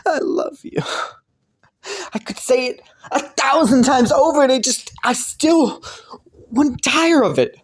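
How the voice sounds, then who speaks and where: A man voicing Killua as a devoted young boyfriend in a romantic listener role-play audio, talking softly with many sighs and little laughs. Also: extremely high pitch, lively intonation, takes it slowly, full character voice. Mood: earnest. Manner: soft, sighing, breathy little laughs. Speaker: voice actor.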